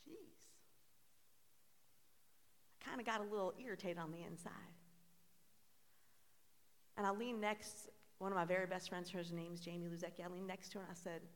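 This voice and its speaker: A woman pastor preaching a sermon, animated and conversational, asking the congregation call-and-response questions. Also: on the low side. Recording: long reverb in a church hall.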